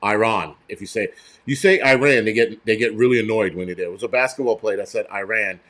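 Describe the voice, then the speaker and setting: A man's voice: on the low side, fast, a bit bright. An American man hosting a live stream, talking bluntly and profanely in loose, rambling commentary straight to his viewers. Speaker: prepper channel host.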